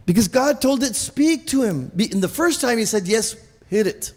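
A man preaching a sermon as pastor, animated, often stumbling over and repeating words and calling out for amens. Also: very high-pitched, moderate pace, big-room sound.

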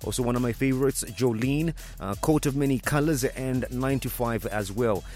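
A man's voice: mid-range voice, moderate pace, darkish tone, soft background music. A man hosting a radio news segment, hesitant and full of fillers. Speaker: radio host. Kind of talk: news commentary.

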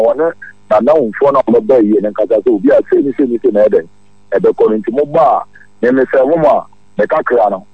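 A man calls in to a radio show and speaks haltingly, with a husky, low voice. The dull, lo-fi phone line muffles him. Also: no echo. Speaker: caller. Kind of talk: phone-in chat.

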